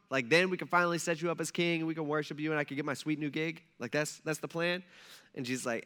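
Animated young man preaching casually. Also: fairly high pitch, fast talker, clean tone. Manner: animated, acts out quotes, frequent "right?" and "like". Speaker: pastor. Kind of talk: casual conversational sermon.

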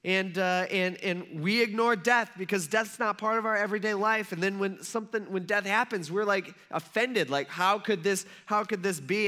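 High-voiced, bright American preacher. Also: male voice. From United States. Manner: conversational preaching, acts out quotes. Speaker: pastor. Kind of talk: sermon.

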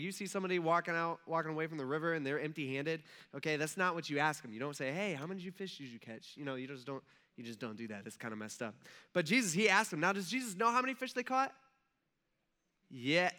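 A man's voice: fairly high pitch, pushed and bright. A male pastor preaching a casual sermon to his congregation, telling the story with acted-out asides and questions to the crowd.

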